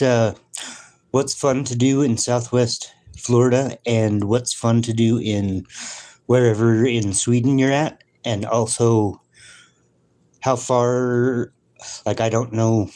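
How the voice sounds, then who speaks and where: A man hosting a relaxed morning livestream, talking straight to his viewers. He rambles, stops mid-sentence and picks the thread back up as he goes. His voice sits at an ordinary middle pitch. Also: slow pace. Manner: rambling, loses his train of thought. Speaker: livestream host. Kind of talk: casual livestream chat with viewers.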